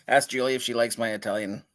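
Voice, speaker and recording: A man's voice: medium pitch, moderate pace, fairly bright tone. A man chatting casually on a video call, rambling with lots of filler words and chuckling often. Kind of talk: casual chat.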